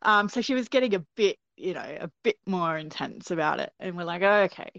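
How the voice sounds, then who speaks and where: Low-voiced woman telling a story. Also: a little fast, creaky, dry recording. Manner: animated, acts out quoted voices, laughs often. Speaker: guest telling a personal story. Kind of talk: casual spoken storytelling. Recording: dull, dry lo-fi recording.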